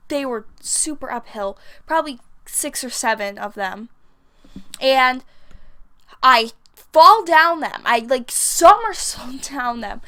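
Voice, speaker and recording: A young woman telling a rambling personal story in a casual vlog, full of fillers and restarts. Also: high-pitched. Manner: rambling, filler-heavy, animated. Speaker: vlogger. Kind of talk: casual storytime over a game build.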